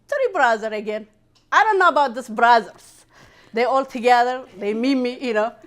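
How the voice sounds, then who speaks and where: Lively woman telling a personal story. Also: on the high side, moderate pace. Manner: animated, acts out quoted voices, laughs often. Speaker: storyteller guest. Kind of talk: personal storytelling at a live event.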